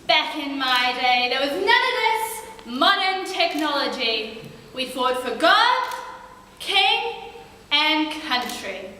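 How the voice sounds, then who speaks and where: A woman's voice: high voice, big pitch swings, slow, bright, forceful tone, full character voice. A teenage girl voicing a proud old male war veteran who declaims in a stern, grand manner, recorded from far off in an echoey hall. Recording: distant echoey hall with faint noise.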